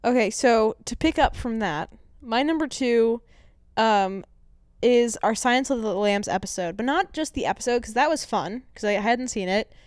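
A female podcast co-host with a clear voice pitched a little high. She talks in a chatty, upbeat way, recorded dry and close. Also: animated, normal speed, a little mellow, no room sound. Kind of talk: casual podcast chat.

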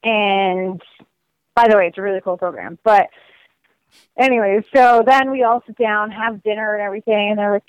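A woman's voice: mid-range voice, moderate pace, clean tone, no room sound, rough recording. Chatty woman telling road stories. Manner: lively, with many likes and acted quotes. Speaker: guest describing her cross-country walk. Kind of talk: casual storytelling.

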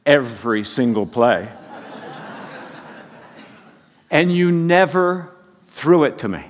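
A pushy grown-man football fan whines and pleads, his voice jumping up high, as a preaching man puts him on. It rings in a big reverberant church hall. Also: lively intonation, drawn-out words, a little hiss or hum. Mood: aggrieved. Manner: pleading, whiny insistence. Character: pushy adult male football fan shouting from the stands.

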